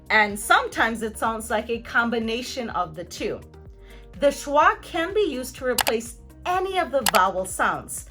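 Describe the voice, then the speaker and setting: A woman teaching pronunciation in a scripted lesson, her voice high and bright. She swings her pitch a lot and sounds out example words carefully, with a playful, joking streak. Soft music plays under her. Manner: playful, jokey, clearly articulated examples.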